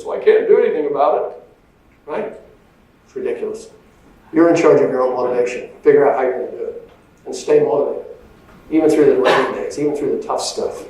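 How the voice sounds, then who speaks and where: A man's voice: on the high side, lively intonation, brisk, pauses often, darkish tone, very echoey, distant mic, rough recording. A man giving a motivational leadership presentation, with an emphatic, conversational delivery that often checks in with "right?". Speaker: leadership speaker.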